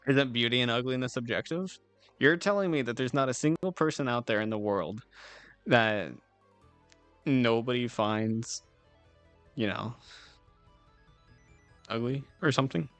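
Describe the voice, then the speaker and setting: A man's voice: mid-range voice, a little slow, long pauses, a bit bright, no echo, soft background music. A man streaming and chatting casually with his viewers, rambling in a laid-back way, swearing now and then and giggling often. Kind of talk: casual chat with live chat.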